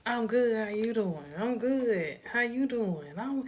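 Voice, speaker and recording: A woman's voice: on the high side, lively intonation, slow, few pauses. A woman hosting a casual live stream, greeting viewers one by one and sharing motivational thoughts in a tired, laid-back way. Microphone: phone.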